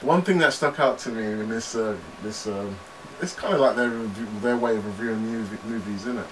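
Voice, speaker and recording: A man's voice: lowish voice, brisk. A young man hosting a reaction video, rambling casually with many restarts and frequent laughs. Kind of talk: casual commentary. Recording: distant mic with background noise.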